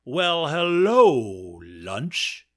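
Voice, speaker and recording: A man voicing a big, arrogant lion in a storybook comedy, talking loud and mocking. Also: on the high side, sing-song, drawn-out words, voice pushed up, full character voice. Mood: smug.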